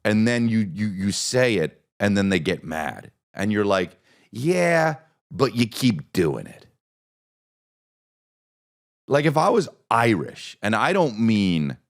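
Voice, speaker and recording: A man's voice: on the low side, sing-song, unhurried. A man hosting a podcast, riffing through a profane, rambling comedic monologue with repeated bits. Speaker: podcast host.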